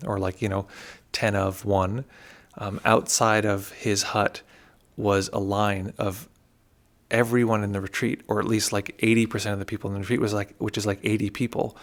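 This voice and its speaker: Low, gravelly-voiced meditation teacher. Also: male voice. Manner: relaxed, digressive, thoughtful. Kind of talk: livestream teaching talk.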